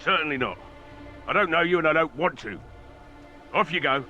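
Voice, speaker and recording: An actor playing a surly male shopkeeper in a video game, gruff and threatening, guarding his looted store. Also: a little high, lively intonation, normal speed, lo-fi sound, faint music behind, close to an everyday voice. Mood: hostile.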